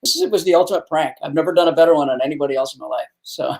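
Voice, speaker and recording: A man's voice: fairly high pitch, very fast, vocal fry, darkish tone. Rambling Canadian man telling a story. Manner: rambling anecdotal storyteller with restarts. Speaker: guest, fishing show host. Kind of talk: casual storytelling.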